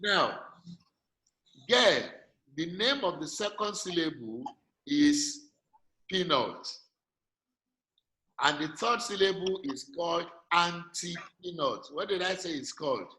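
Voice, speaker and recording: A man's voice: fairly high pitch, lively intonation, takes it slowly, pauses often, bright, forceful tone. Nigerian-accented male lecturer, echoey room. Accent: Nigerian English. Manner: patient, checks often that students follow. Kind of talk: online class teaching with call and response. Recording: echoey room, faint noise.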